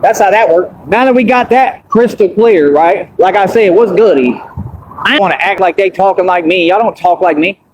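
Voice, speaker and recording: A man's voice: high-pitched, moderate pace, highs cut off. A man ranting on a livestream, bragging in street slang and asking over and over whether you understand. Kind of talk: boastful livestream rant. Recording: noisy livestream audio.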